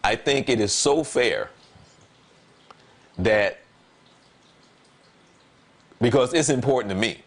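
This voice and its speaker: A man's voice: mid-range voice, slow pace, long pauses. A man talking as a guest on a talk show, in casual conversation, telling stories emphatically with repetition, his voice jumping up whenever he quotes himself. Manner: animated, voice jumps up when quoting himself.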